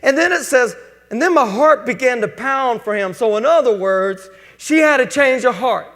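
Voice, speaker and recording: A male pastor preaching a sermon in a folksy, joking, energetic way. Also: very high voice, normal speed. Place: church sanctuary. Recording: church hall reverb.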